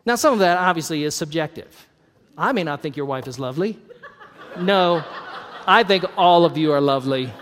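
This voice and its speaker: A man with a high, light voice preaching a sermon, friendly and conversational, slipping in jokes and laughing as he goes. His voice rings with a long reverb, as in a large church hall. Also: animated, moderate pace, a bit bright, slight background noise. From North Idaho. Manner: conversational, joking asides, laughs often. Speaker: pastor.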